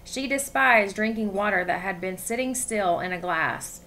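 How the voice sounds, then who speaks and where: A woman reading a novel aloud with expression, pausing to ask her listeners questions. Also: mid-range voice, bright, forceful tone, slight background noise. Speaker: story reader.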